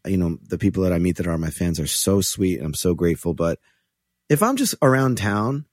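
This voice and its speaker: A man's voice: low voice, fairly quick, no echo, clean studio sound. A man in his forties, a touring musician, chatting casually on a podcast and telling loose, profane stories, slipping into other people's voices when he quotes them. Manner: loose, profane, animated storyteller who slips into voices for quotes.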